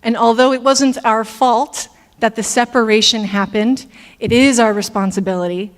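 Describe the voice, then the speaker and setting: A woman minister giving a reflective sermon, speaking deliberately with pauses. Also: on the high side, fairly even intonation, in a large hall. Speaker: intern minister. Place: church sanctuary.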